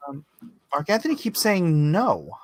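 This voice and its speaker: A man's voice: a little high, wildly swooping pitch, unhurried, slight background noise. A middle-aged man hosting a casual live art auction, joking and teasing as he chats. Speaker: auction host and comic artist. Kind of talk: casual livestream chat.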